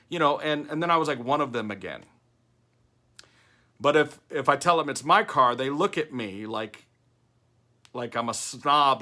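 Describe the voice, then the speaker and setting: Older man, casual vlog talk, bright voice, animated storyteller. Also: mid-range voice. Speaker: vlogger host. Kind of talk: casual talking-head vlog.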